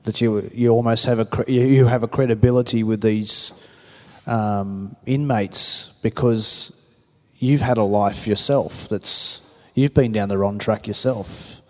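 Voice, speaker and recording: A man's voice: fairly low pitch, fairly even intonation, unhurried. A male interviewer asking long, thoughtful questions, rephrasing as he goes. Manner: thoughtful, rambling, rephrases as he asks. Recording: long hall reverb.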